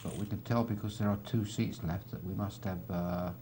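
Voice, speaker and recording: A man's voice: fairly low pitch, steady tone, a little fast, warm tone, slight background noise. A man gives live poker commentary, walking through each hand with a chatty manner and dry teasing asides to his co-host.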